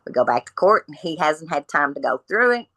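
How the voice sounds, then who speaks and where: Lady telling her story straight, blunt, lower voice with a punchy edge, acts out everybody's lines. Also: fairly quick, dry recording, poor audio. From Kentucky. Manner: blunt, animated retelling of dialogue. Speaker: guest.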